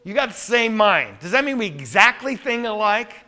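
A man's voice: sits high, big pitch swings, moderate pace, sharp tone. A man teaching a Bible study class, reading scripture aloud and asking the group questions.

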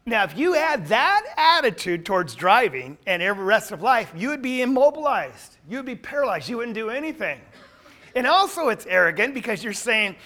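A man delivers a sermon in a high, bright voice. His pitch swings widely as he questions his listeners and acts out what people say. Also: normal speed. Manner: animated, asks the congregation questions, acts out quotes. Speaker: preacher.

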